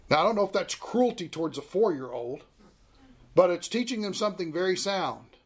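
Fairly high voiced guy in his 30s teaching bible class, chatty and animated. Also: fairly quick, slightly rough. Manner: conversational, animated storytelling.

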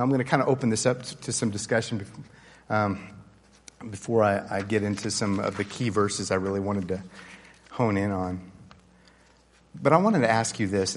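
A man's voice: lowish voice, long reverb tail. Earnest man leading a Bible study. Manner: earnest, conversational, with frequent restarts and rising intensity. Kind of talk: casual Bible study teaching.

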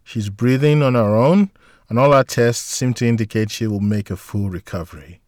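A man voicing a kind, calm female hospital nurse in an audiobook, polite and reassuring. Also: medium pitch, moderate pace, no room sound, clean studio sound, lightly acted. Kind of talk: audiobook character voice.

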